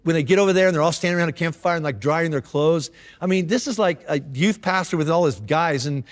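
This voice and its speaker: A man preaching a casual sermon, telling the story in a relaxed, chatty way with slang and repeated words. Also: fairly high pitch, fast talker, long reverb tail. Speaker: pastor. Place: church auditorium.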